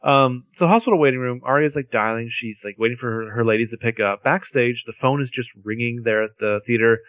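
A man co-hosting a podcast, recapping a TV episode in casual chat with quick asides. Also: mid-range voice, fairly bright tone, smooth, no room sound. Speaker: podcast co-host.

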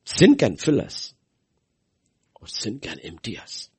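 A man preaching a sermon, repeating key phrases and swinging his voice from soft lows to loud highs for emphasis. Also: wildly swooping pitch, slow, slightly rough.

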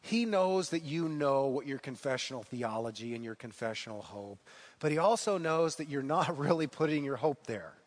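High-voiced preacher in a reverberant hall. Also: male voice. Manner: earnest storytelling with emphatic repetitions. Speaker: pastor. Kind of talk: sermon.

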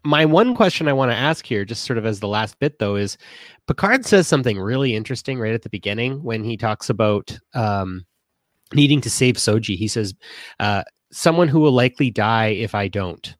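A man's voice: mid-range voice, expressive, brisk, dry recording, clean studio sound. A man from Canada co-hosting a casual live-stream show, chatty and laughing, with lots of fillers and restarts. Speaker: podcast co-host.

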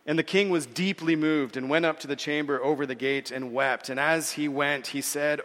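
A man preaching a sermon in an earnest way, repeating words and slowing down when he quotes scripture. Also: a little high, a bit bright, in a large hall. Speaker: pastor.

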